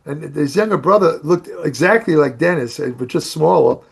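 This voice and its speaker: An older man spins long, meandering stories in a fairly high speaking voice for a man, stumbling over restarts and circling back to names. He sounds like a guest reminiscing on a podcast. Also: lively intonation, normal speed, vocal fry, slightly rough. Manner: rambling anecdotes with restarts and laughs. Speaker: guest, bodybuilding writer. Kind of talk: casual storytelling on a podcast.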